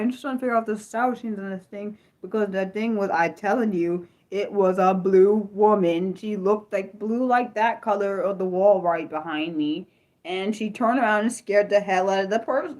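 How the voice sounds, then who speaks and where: A young woman hosting an unscripted livestream, chatting to her viewers with animated restarts and repeated exclamations, easily spooked. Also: medium pitch. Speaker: livestream host. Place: her room.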